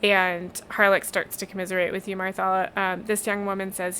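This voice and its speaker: A woman's voice: medium pitch, flat delivery, a little fast, hardly any pauses, a bit bright, slight background noise. A woman running a tabletop game as game master, narrating casually with many fillers. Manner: casual, filler-heavy, laughing easily.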